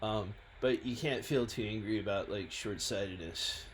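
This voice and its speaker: A man, a scientist and founder, talking through his own website in a halting, self-deprecating way. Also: on the low side, slight background noise. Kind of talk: reading and commenting on his website.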